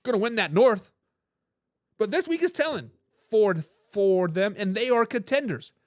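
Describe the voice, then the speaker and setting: A man's voice: sits high, moderate pace, no room sound, clean studio sound. A man hosting a live sports talk stream, arguing his picks with lots of energy and reading out viewer comments. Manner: animated, hype phrases, frequent restarts. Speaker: sports talk show host.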